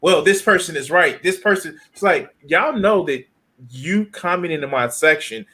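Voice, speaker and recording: A man's voice: a little high, moderate pace, background noise. A man, a guest YouTuber, telling boastful stories in a casual chat and laughing often. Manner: animated, boastful storytelling with laughs.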